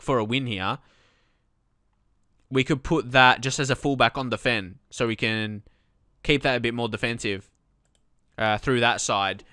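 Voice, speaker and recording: A man hosting a football game let's play, his voice bright and clear, slightly high for a man. He talks through tactics at an easy pace, then bursts out yelling at his defence when things go wrong. The sound is dry and close. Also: dry recording. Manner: excitable, shouts at the game, then calm explaining. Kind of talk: video game commentary.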